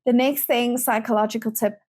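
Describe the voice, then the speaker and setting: A young woman teaches a Christian parenting session, earnest and fond of rhetorical questions. Her voice sits a little high for a woman. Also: steady tone, brisk, a little mellow.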